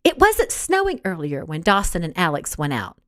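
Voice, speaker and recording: Woman voicing a sarcastic, quick-tempered young woman. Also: on the low side, wildly swooping pitch, a bit bright, no room sound, clean studio sound. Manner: sarcastic, mocking.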